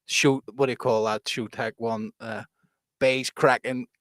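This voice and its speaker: A man co-hosting a podcast, telling animated, sweary stories and laughing often. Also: mid-range voice, measured pace, no room sound, clean studio sound. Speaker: podcast co-host, music producer. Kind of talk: casual chat.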